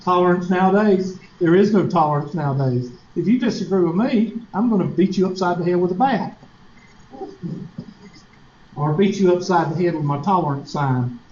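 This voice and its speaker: A man's voice: sits high, normal speed, darkish tone, slight background noise. A man with a Southern US accent, a teacher telling a folksy, joking story to his class. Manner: folksy, joking, mocks nasal voices. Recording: echoey lo-fi classroom recording.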